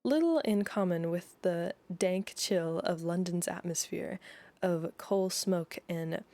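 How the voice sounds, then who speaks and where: Giggly young woman streamer reading slowly. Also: lowish voice, warm tone, no room sound, faint music behind. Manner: giggly, stumbles and self-corrects. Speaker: streamer reading a novel aloud. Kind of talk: casual read-aloud with chat asides.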